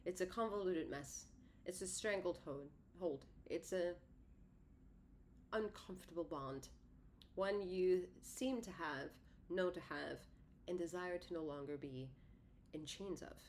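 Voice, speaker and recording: A woman's voice: on the low side, measured pace, a little mellow, a little hiss or hum. A woman tarot reader talking casually to her viewers, rambling and correcting herself, her words a little lisped and slurred. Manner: rambling, self-correcting, conversational; slightly lisping, slurred words. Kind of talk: solo tarot reading to camera.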